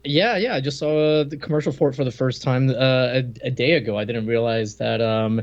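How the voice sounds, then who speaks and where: A man's voice: medium pitch, a little fast, lo-fi sound. A man co-hosting a podcast, chatting casually and fumbling over names. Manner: rambling, hesitant with names. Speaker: podcast co-host.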